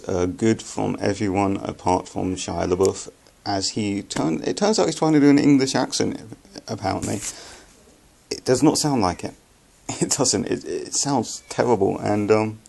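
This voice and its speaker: A young man with a low, gravelly voice talks through a film review in a loose, unscripted way. He stumbles, restarts and fills his pauses with ums as he talks. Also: a little mellow. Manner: halting, many fillers and restarts. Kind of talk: casual spoken film review.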